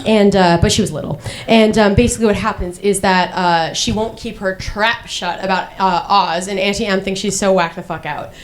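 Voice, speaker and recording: A young female comedian delivers a rambling, profane stand-up monologue packed with "like" fillers and restarts, mocking herself darkly. Her mid-range voice holds a steady tone at a moderate pace with hardly any pauses, over slight background noise.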